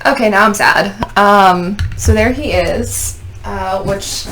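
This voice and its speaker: A woman's voice: mid-range voice, slow, a bit bright. A woman hosting a casual unboxing chat, gushing and sentimental about her collectibles, with lots of fillers. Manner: gushing, sentimental fan talk with many fillers. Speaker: podcast host. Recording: clicking noise in background.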